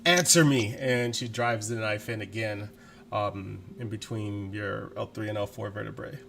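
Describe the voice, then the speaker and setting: Low-voiced man running a tabletop game. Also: level tone, vocal fry, fairly bright tone, slight background noise. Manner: slow, deliberate narration with frequent laughs. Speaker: game master.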